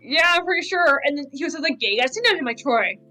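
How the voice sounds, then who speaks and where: A young-sounding woman talks fast in a high, bright voice, rattling off anecdotes stuffed with "like." She chats casually on a podcast as a cosplayer guest. Faint music plays under her. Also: lively intonation, rough recording. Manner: chatty storyteller, many "like" fillers.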